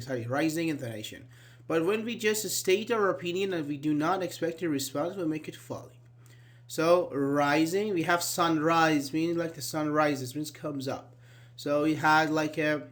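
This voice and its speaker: A man teaching an online English grammar class, explaining patiently, repeating key words and asking students questions, with many fillers like "actually". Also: a little high.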